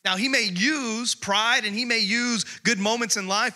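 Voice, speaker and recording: A man preaching a sermon as pastor, emphatic, his voice swinging from loud outbursts to hushed asides. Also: high-pitched, measured pace.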